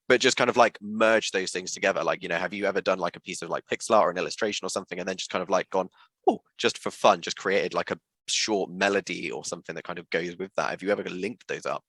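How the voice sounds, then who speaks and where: A man's voice: sits low, a bit bright, no echo. A man from Britain with a British accent, hosting an interview and asking long, rambling questions full of fillers. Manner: rambling questions full of kind of and you know. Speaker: interview host. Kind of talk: casual interview chat.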